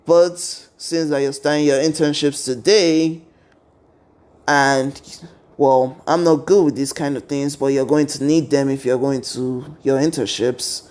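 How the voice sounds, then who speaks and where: A man's voice: medium pitch, fairly even intonation, measured pace, darkish tone, lightly acted. A man voicing a blunt, weary adult male teacher.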